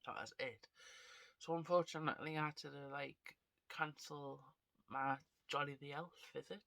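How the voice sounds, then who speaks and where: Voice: mid-range voice, fairly even intonation, moderate pace, gravelly, sharp tone, no echo. A vlogger and actor with a stuffy, congested nose, chatting casually and rambling to camera. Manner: rambling, chatty, self-deprecating.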